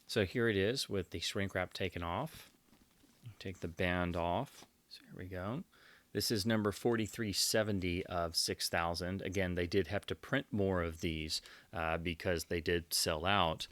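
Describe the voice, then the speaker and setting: Deep-voiced, enthusiastic man unboxing. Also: fairly even intonation, a little slow, fairly bright tone. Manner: enthusiastic, heaps on superlatives. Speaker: collector presenting his purchases. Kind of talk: casual unboxing commentary.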